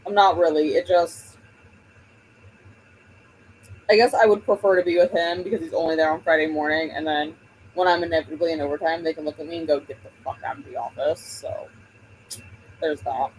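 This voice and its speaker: A woman's voice: low voice, steady tone, brisk, a little mellow, a little hiss or hum, rough recording. A woman hosting a book livestream, chatting casually and rambling while she greets viewers by name.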